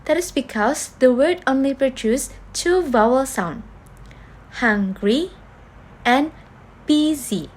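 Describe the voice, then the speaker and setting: A woman's voice: sits high, lively intonation, unhurried, hardly any pauses. A young woman giving a class presentation as a student, explaining step by step with small fillers.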